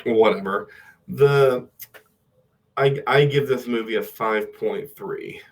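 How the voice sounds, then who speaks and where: A man's voice: medium pitch, slow, poor audio. A man co-hosting a casual movie podcast, joking and teasing, with some profanity. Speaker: podcast co-host.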